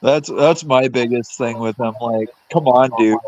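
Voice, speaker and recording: A man's voice: medium pitch, unhurried, darkish tone, dry recording. Profane co-host man on a dull mic. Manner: profane, needling. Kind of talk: casual live chat.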